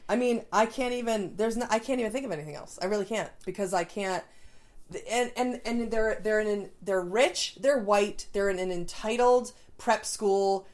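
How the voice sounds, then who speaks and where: A woman's voice: mid-range voice, moderate pace, a little mellow. A woman co-hosting a podcast in casual chat, ranting heatedly and trailing off mid-sentence. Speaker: podcast co-host.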